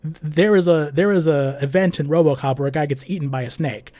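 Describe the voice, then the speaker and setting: A man's voice: fairly high pitch, fairly quick. Exasperated man ranting casually. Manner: exasperated, profane, animated rant. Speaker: video game commentator. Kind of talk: casual rant to camera.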